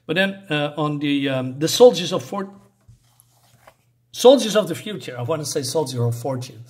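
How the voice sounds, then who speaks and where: In a casual comic book review, a man recaps the story with lively intonation and a slightly high voice. He often halts and starts over while hunting for the right words.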